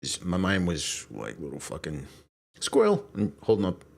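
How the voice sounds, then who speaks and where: A man's voice: low-pitched, sing-song, normal speed, gravelly, darkish tone. A man hosting a casual live stream, rambling, swearing and apologizing as he loses his train of thought. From Brooklyn, New York. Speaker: streamer host.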